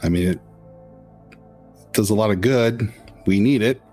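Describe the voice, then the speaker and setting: A man's voice: lowish voice, a little slow, a little mellow, soft background music, close to an everyday voice. A man voicing a tired, loyal male vampire ritualist who speaks earnestly and defensively. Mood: dutiful.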